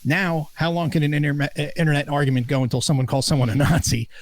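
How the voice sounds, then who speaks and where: A man's voice: fairly high pitch, flat delivery, quick pace. A man co-hosting a casual podcast conversation, rambling and opinionated, often restarting his sentences. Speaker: podcast co-host. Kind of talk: casual chat.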